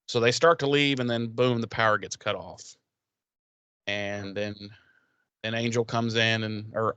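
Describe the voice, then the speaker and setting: A man's voice: on the low side, a bit bright, clean tone, dry recording. Profane rambling male podcast host. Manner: profane, rambling storytelling with mocking quoted voices. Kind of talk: casual comedic episode recap.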